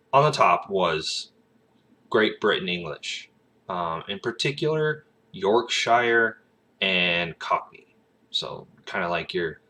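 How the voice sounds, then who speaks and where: A man's voice: deep voice, sharp tone. A man vlogging about acting in a casual, rambling monologue full of fillers and laughter. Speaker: aspiring actor, vlogger.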